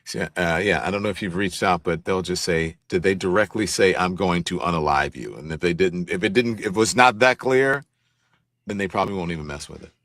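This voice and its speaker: A man's voice: low voice, fairly quick, a bit bright, dry recording. A man hosting a live call-in show, talking in a loose conversational way and checking in with his co-host. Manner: conversational, asks co-host for agreement.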